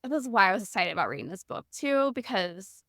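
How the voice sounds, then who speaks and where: A young woman with a mid-pitched voice co-hosts a casual podcast. She retells favorite scenes with eager enthusiasm. The sound is dry and close. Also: big pitch swings, brisk, pushed and bright, dry recording. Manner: enthusiastic, gushing storyteller. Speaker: podcast co-host. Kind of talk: casual book review chat.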